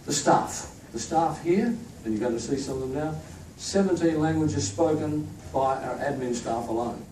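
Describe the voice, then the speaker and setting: A man's voice: on the high side, normal speed, dark tone. A man gives a chatty, joking speech at a staff event, introducing team members to a crowd. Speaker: institute leader presenting staff. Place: echoey event room with a crowd. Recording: echoey room, distant mic, crowd noise.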